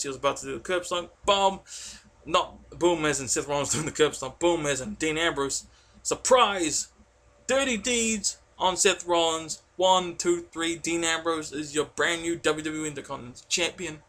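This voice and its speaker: A man giving an excitable, rambling spoken review, full of fillers and restarts. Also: on the high side. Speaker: wrestling reviewer.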